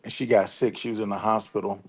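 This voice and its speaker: Deep gravelly husky dude, laid back, drawling through a story on a morning show. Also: male voice, little pitch movement, fast. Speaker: talk show co-host. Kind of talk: casual storytelling.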